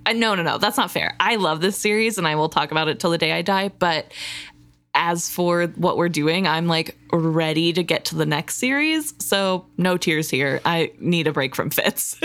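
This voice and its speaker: A woman with a lowish voice co-hosts a book podcast in casual chat. She talks in quick, lively bursts, laughs often and is openly emotional about what she reads. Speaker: podcast co-host.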